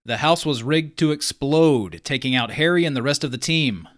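A man's voice: a little high, lively intonation, moderate pace, fairly bright tone. A man hosting a podcast, narrating in a breezy, scripted way and introducing guests. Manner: breezy, conversational. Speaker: podcast host.

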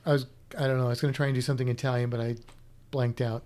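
A woman's voice: extremely low pitch, level tone, very fast, darkish tone. A woman co-hosting a casual chat, rambling and playful, trailing off mid-sentence. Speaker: podcast co-host.

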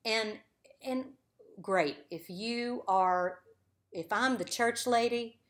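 A woman's voice: on the high side, slow. A woman interviewing a fellow actress, friendly and agreeing, laughing along. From American South. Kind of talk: casual interview chat.

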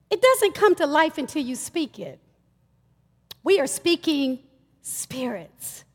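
A woman minister preaching a sermon, talking to the congregation in a lively, chatty way and calling out to them often. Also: sits high, in a large hall. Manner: lively, conversational preaching with audience call-outs. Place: church stage.

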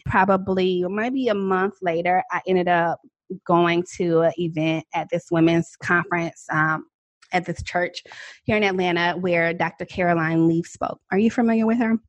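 A woman in her thirties, a podcast guest, telling a personal story in a lively, dramatic, casual way with frequent laughs. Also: fairly low pitch, moderate pace, no room sound, highs cut off. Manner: animated, self-described dramatic talker with frequent laughs.

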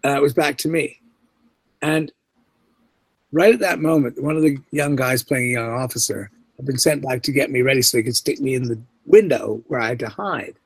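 A man's voice: medium pitch, normal speed, vocal fry, breathy edge, no echo. A middle-aged man, a guest actor, telling anecdotes in an interview and acting out the voices he quotes. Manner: animated storyteller who acts out quoted voices.

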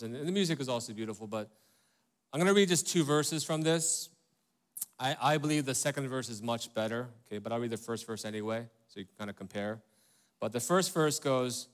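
Preaching with a mid-range voice, this man talks to his congregation in a casual, conversational style. Rhetorical questions come up often, along with repeated tag questions like "okay?" and "right?"

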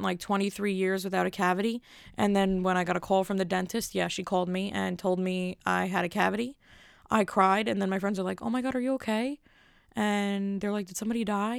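Young woman with heavy vocal fry. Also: medium pitch, dry recording, clean studio sound. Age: 20s. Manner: rambling, self-deprecating storytelling. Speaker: vlogger. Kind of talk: casual monologue to camera.

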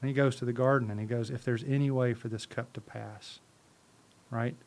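Fairly quick and fairly even in intonation, his medium-pitched voice has a slightly mellow quality. As a podcast guest and ministry leader, he preaches passionately and conversationally with rhetorical questions and repeated words.

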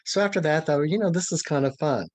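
An older man from St. Louis, a dancer being interviewed, telling a story with lively, acted-out quotes and chuckles. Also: on the high side, fast talker, no echo. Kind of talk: anecdotal storytelling.

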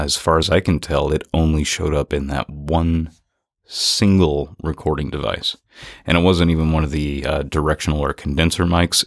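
Very deep-voiced man explaining research. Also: no room sound, studio quality. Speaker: paranormal investigator. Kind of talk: explanatory narration.

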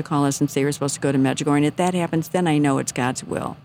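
A woman telling a personal faith story on a radio show, earnest and sometimes hushed. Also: deep voice, expressive, quick pace, few pauses, a little hiss or hum. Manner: earnest, drops to a soft hush at moments. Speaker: guest telling her story.

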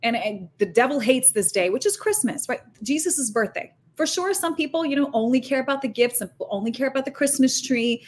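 A woman with a high voice speaks as a guest on a faith podcast. She talks in an animated, emphatic way that drifts into preaching. Her words tumble out fast, with many restarts and fillers. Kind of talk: faith-based podcast conversation.

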